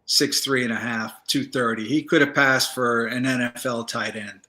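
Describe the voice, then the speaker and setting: A man, a former federal agent, telling stories in a casual interview, relaxed and rambling with many fillers. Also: medium pitch, moderate pace.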